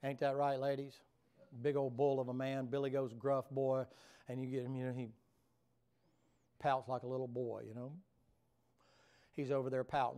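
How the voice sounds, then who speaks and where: A male revival preacher with a folksy, down-home way of talking. His pitch sits in an ordinary middle range as he tells the story to the congregation in a church sanctuary. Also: little pitch movement, moderate pace, pauses often, mellow, clean tone. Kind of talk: revival sermon.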